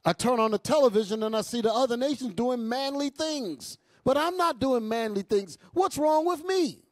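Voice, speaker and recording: A man's voice: extremely high pitch, expressive, moderate pace, no room sound, clean studio sound, voice pushed up. A preacher acting out a frustrated grown man who questions why he is stuck, in pleading, rising questions. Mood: anguished. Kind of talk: sermon.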